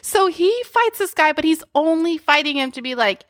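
A woman co-hosting a casual movie recap podcast, chatty and quick to laugh. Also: high-pitched, animated, a bit bright, no echo, clean studio sound. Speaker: podcast co-host.

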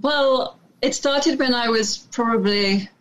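A woman's voice: fairly high pitch, slow, a bit bright, low-quality recording. A woman with a British accent, an actress guest chatting casually in an interview, with frequent fillers and restarts. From England.

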